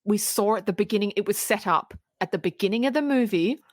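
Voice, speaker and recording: A woman's voice: mid-range voice, fast talker, no echo. Laughing woman retelling a film. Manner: animated retelling, laughing, acting out quotes. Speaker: podcast co-host. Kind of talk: casual film recap chat.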